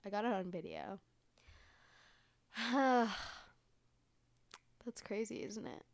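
A woman's voice: mid-range voice, huge pitch swings, slow pace, gravelly. A young woman from Arizona hosts a podcast and tells a story in a loose, rambling way. She swears constantly, leans on "like" and "um", and keeps losing her thread before circling back to it. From Arizona, United States. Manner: profane, rambling, filler-heavy. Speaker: podcast host. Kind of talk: casual storytelling chat.

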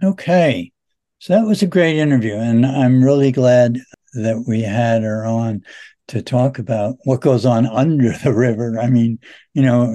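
Casting note: man with a mellow voice, easygoing radio co-host. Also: medium pitch. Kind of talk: radio talk show chat.

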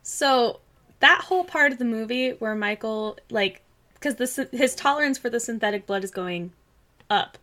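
A woman with a high, bright voice that swings up and down talks through a movie scene, filling her sentences with 'like'. She sounds loose and chatty among friends. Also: expressive, moderate pace. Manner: chatty, filler-heavy with frequent 'like'. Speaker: podcast co-host. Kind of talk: casual chat.

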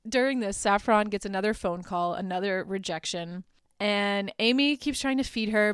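A young adult woman hosting a podcast, chatting through a movie plot with lots of "like" and quick laughs. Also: mid-range voice, clean tone, no echo, studio quality. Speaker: podcast host. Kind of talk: casual movie recap.

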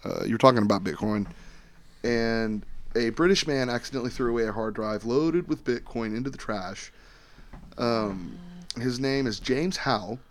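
A man's voice: mid-range voice, normal speed. A man co-hosting a podcast, loosely recapping a news story with casual swearing. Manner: relaxed, profane, recaps news stories loosely. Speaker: podcast co-host. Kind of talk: casual chat.

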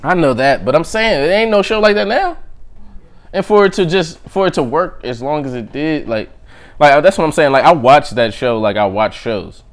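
Hosting his own podcast solo, a man chats casually and rambles from one joke to the next, often laughing at his own lines. His voice is a little high with lively intonation, at a normal speed.

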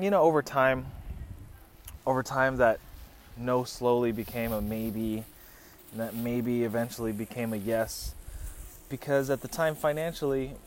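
A man's voice: mid-range voice, slight background noise. Crude joking man telling stories. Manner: crude, joking, swears a lot, laughs. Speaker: podcast host. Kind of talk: casual storytelling. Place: living in the Philippines.

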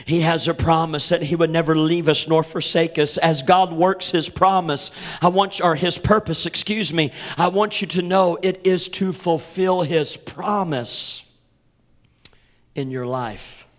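A male pastor with a fairly high voice delivers his sermon in a folksy storytelling style. He speaks straight to his congregation and calls out members by name. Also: measured pace.

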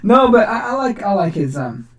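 A man with a deep, raspy voice chatting casually on a podcast, laid-back and swearing a lot. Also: sing-song, moderate pace, crowd noise. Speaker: podcast guest. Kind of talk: casual chat.

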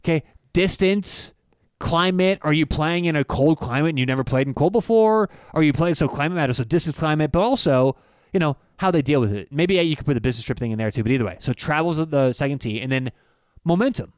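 A man co-hosts a betting show, his voice a touch higher than most men's. He talks emphatically and animatedly, restarting his sentences as he goes. The mic is close and dry, with no room sound. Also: expressive, quick pace, clean tone, dry recording. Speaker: podcast co-host, sports bettor. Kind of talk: casual sports betting chat.

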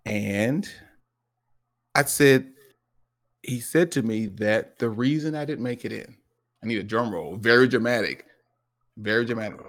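A man co-hosting a podcast, telling a story in casual chat, restarting often and acting out what people said with sudden jumps in pitch. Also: a little slow, pauses often. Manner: animated storyteller, acts out quoted lines with jumps in pitch; frequent restarts and repeated words. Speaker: podcast co-host.

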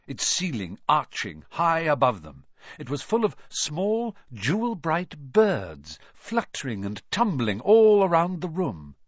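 A man narrating a storybook in an expressive, dramatic way. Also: mid-range voice, husky, dry recording, muffled recording. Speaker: audiobook reader.

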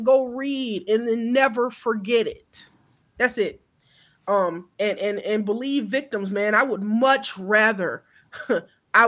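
A woman around thirty chats on a podcast with a bright, forward voice. She is blunt and impassioned, swears freely and often breaks off to restart her sentences. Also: fairly high pitch. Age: about 30. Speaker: podcast co-host. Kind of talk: casual chat.

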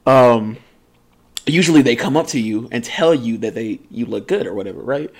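A man's voice: mid-range voice, expressive, moderate pace. A young man co-hosting a podcast, chatting casually in a loose, joking way with profane slang and frequent laughter. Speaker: podcast co-host. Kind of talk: casual chat.

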